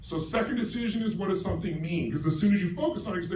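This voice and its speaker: A middle-aged man giving a live seminar speech to a large audience, forceful and profane, asking the crowd questions. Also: sits high, rapid-fire. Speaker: motivational speaker. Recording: roomy stage recording from far off, noisy.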